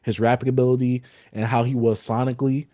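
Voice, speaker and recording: Guy on a podcast breaking down an album, mellow voice, dry close sound, acts out lines. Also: mid-range voice, fast talker, dry recording. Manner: animated, quotes lyrics and acts out reactions. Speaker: podcast co-host. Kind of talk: casual album review chat.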